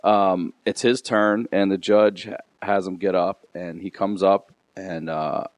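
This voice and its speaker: A man's voice: sits low, fairly even intonation, a little slow, no echo. A man and comedian guest from Baltimore telling a family story on a podcast, laughing as he goes.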